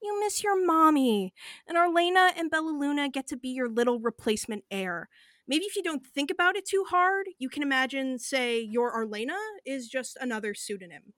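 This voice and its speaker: A woman voicing a scornful, menacing male naga changeling, speaking in a deep, sneering tone. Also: expressive, moderate pace, fairly bright tone. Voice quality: deep, echoing voice. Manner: sneering, swearing scolding.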